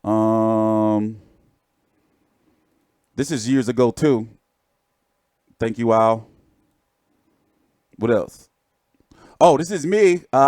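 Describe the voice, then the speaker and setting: Hosting his boxing channel's livestream, this man talks in a medium-pitched, darkish voice with no echo. His casual chat is a rambling show-and-tell of pictures, full of jokes and profanity.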